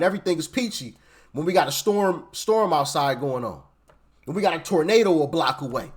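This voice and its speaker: A man's voice: a little high, husky. A man. He talks emphatically, repeats himself for weight and keeps tagging his points with "right?". The delivery feels like a hands-on host reacting live. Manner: emphatic, repeats phrases, tag questions. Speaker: commentary host. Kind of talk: reaction commentary.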